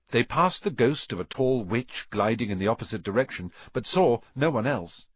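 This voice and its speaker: A man narrating a story in an expressive reading voice, dropping to a hush at quiet moments. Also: medium pitch, normal speed, few pauses, husky, no room sound, dull audio. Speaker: audiobook narrator.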